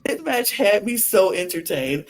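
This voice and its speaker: A young woman on a podcast recapping a wrestling match in animated casual chat, acting out her own gasps and laughs. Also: medium pitch, unhurried, low-quality recording. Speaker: podcast co-host.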